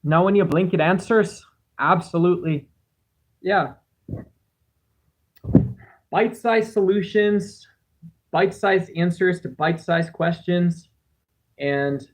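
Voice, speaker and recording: A man's voice: on the high side, fairly even intonation, measured pace, pauses often. A man hosting a casual livestream, reading chat aloud and rambling through musings in a self-deprecating way on a cheap home microphone. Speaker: livestream host.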